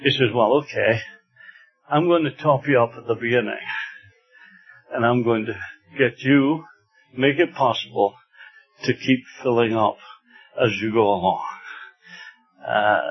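Husky older-sounding preacher, lo-fi sound. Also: male voice, medium pitch. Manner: earnest, unhurried preaching with rising emphatic passages. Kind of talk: sermon. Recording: dull lo-fi recording.

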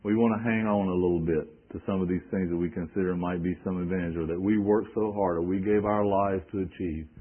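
A man's voice: low voice, steady tone, brisk, hardly any pauses, slightly rough, narrow, tinny audio. A male preacher giving an emphatic sermon, quoting scripture and asking rhetorical questions.

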